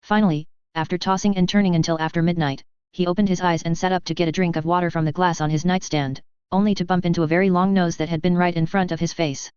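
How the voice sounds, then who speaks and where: A woman narrating a story aloud, in a steady, even storytelling manner. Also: fairly low pitch, fast talker, hardly any pauses, clear, resonant tone, no echo. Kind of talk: audiobook reading of fan fiction. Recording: dull, slightly muffled recording.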